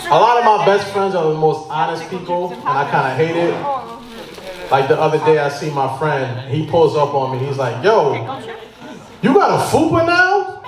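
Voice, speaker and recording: A man's voice: on the high side, normal speed, a loud crowd. A man from Hartford, Connecticut, doing a stand-up set with loose, slangy delivery. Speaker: stand-up comedian. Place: brewery bar crowd. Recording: echoey room, noisy bar.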